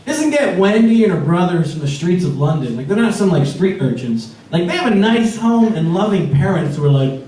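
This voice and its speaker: A man's voice: high-pitched, sing-song, fairly quick, few pauses, dark tone. A man performing a stand-up comedy set on a club stage, talking in a rambling, conversational way with many likes and uhs. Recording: echoey club, distant mic.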